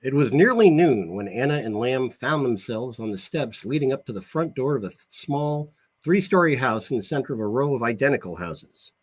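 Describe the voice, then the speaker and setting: An author reads a passage from his novel aloud at a measured pace, now and then catching and correcting a word. His voice is mid-pitched with a husky, breathy grain. The delivery is steady and unhurried. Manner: measured reading with small slips and self-corrections.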